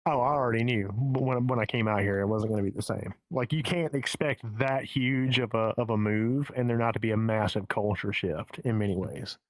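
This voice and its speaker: A man's voice: on the low side, a little fast, few pauses, no echo, rough recording. A man with a Southern US accent talking as a stand-up comedian guest in a casual podcast interview, candid and profane, often restarting his sentences. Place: home in the Pacific Northwest.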